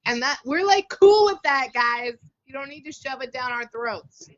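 Brief: playful woman co-host, high voice, dull lo-fi recording. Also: expressive, normal speed, a bit bright. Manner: playful, teasing, laughs a lot. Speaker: podcast co-host. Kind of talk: casual chat.

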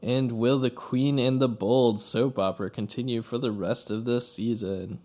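A man's voice: medium pitch, fairly even intonation, moderate pace, a little mellow. A man hosting a casual podcast, joking around and summarizing loosely. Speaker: podcast host.

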